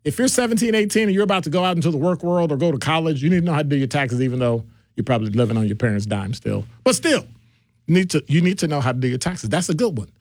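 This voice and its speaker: Man voicing a radio talk host: lively, slightly high delivery, bouncing between topics, close dry mic. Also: quick pace, dry recording. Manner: animated, jumps between topics, playful asides.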